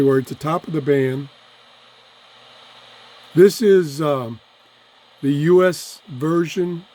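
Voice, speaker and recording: In a home office full of electronics, a radio reviewer tries out a small radio, talking excitedly while fiddling with it in a casual hands-on review. His voice, on the high side, is going hoarse, and he keeps clearing his throat as he loses it. He comes across as chatty and easily excited.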